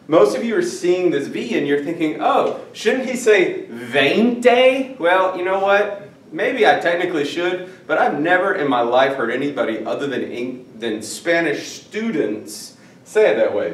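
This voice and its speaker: A man teaching a Spanish class at a whiteboard, joking between number drills. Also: medium pitch. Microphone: far camera. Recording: echoey classroom from far off.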